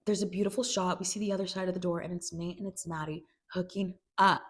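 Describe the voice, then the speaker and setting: A woman talking through a TV series recap in a loose, chatty way, peppered with "like" and quick acted-out quotes. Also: lowish voice, fairly even intonation. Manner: chatty, filler "like", acts out characters' quotes. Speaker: video creator recapping a TV series. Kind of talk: casual recap chat.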